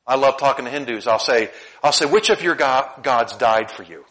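Male pastor, middle-aged, bright forceful tone, lively sermon delivery with loud and quiet swings. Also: medium pitch, normal speed. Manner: animated preaching, swings between loud emphasis and soft asides.

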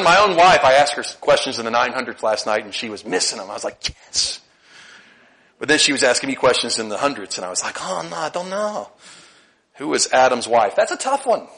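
Bright conversational man preaching. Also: a little high, low-quality recording. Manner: conversational, repeats words, animated bursts. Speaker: pastor. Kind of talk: sermon.

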